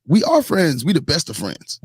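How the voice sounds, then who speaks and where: A man hosting a podcast, chatting casually and teasing his co-hosts in a relaxed, joking way. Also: a little high, moderate pace, breathy edge, no echo. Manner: joking, teasing, laid-back. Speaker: podcast host. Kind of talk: casual chat.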